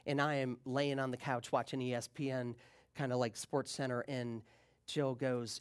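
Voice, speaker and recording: Give me an animated man telling a personal story in a talk, casual and slangy. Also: medium pitch, moderate pace, clean tone. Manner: animated, acts out the people in his stories. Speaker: keynote speaker.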